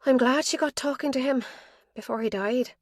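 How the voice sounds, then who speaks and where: An earnest female police detective, careful and polite with people in grief, as a woman narrator plays her. She speaks a little higher than the narration, in a plain, tactful way. The audiobook recording is dry and close. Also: normal speed, no echo.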